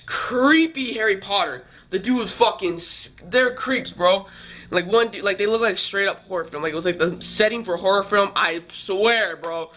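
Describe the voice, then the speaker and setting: A man's voice: high voice, pushed and bright. A young man vlogging, telling a rambling, profane story full of fillers. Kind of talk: casual storytelling. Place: California trip, downtown L A.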